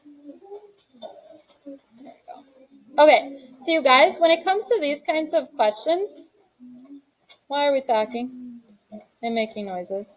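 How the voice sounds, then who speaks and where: A woman's voice: sits high, takes it slowly, long pauses, low-quality recording. A young adult woman teaching a grammar lesson in a classroom, reading each exercise aloud and then explaining the answer.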